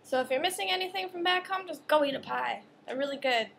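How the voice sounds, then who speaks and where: A woman's voice: high voice, lively intonation, creaky, a bit bright, a little hiss or hum. A young woman vlogging in a casual, sarcastic, ranting monologue to camera. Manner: sarcastic, ranting, quick asides.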